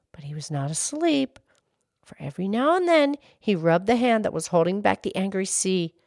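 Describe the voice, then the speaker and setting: Woman storyteller, fairly high voice, expressive read-aloud, dry close sound. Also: no room sound. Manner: expressive, gently dramatic reading. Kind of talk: reading a children's story aloud.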